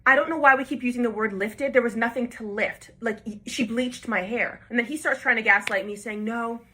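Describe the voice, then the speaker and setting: A young woman tells a story in a casual video. Her voice is bright and forward. She sounds upset and emphatic, and she acts out the other people's lines as she goes. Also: a little high, a little fast, breathy edge. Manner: upset, emphatic retelling with quoted dialogue. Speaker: storyteller recounting a salon incident.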